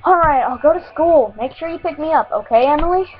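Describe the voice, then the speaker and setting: A restless schoolboy, whiny and eager for adventure, as a woman reading a story puts him on. He sounds fairly high on a muffled recording, with faint music in the background. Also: expressive, fairly quick.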